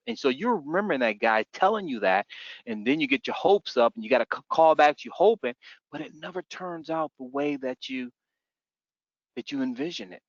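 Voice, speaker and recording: A middle-aged man runs a sales training session, telling stories from his own calls. He talks at an everyday pitch for a man. He acts out customers as he goes, and the sound is dull and close with no room around it. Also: no room sound. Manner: animated storytelling, acts out customers in voices. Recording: dull, muffled dry recording.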